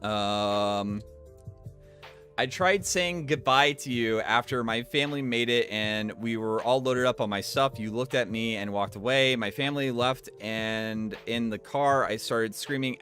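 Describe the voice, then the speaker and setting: Male streamer, bright tone, reads a text aloud with dry interjections over soft background music. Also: medium pitch, unhurried. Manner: reads flatly, breaks off for wry asides. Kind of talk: reading aloud with commentary.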